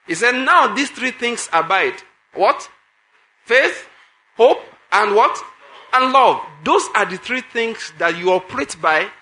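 A man's voice: sits high, bright, forceful tone. A man preaching a sermon, emphatic, repeating phrases and putting questions to his listeners.

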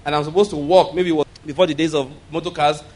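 A man preaching a sermon, pausing to check that listeners follow and slowing down to stress key points. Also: fairly high pitch, fairly even intonation. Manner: emphatic teaching, frequent "you understand?" and "all right?" checks; slows and gets louder for emphasis.

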